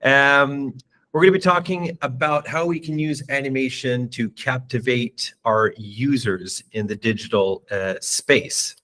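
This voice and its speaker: A man who works as a motion designer, opening a conference talk in a polite, measured way with some fillers. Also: medium pitch, sharp tone.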